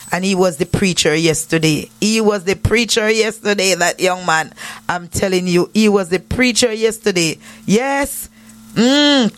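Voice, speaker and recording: A Jamaican man with a fairly high voice hosts an online church stream, greeting his viewers warmly in a casual, repetitive way. The sound is dry and close, with no room echo. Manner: repetitive, affirming yes yes, church talk. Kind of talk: casual greetings and shout-outs.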